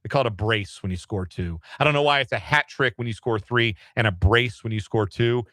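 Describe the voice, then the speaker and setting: A man hosting a sports radio show, reading the soccer headlines in a loose, joking way with asides and quick self-corrections. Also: lowish voice, a bit bright, no echo.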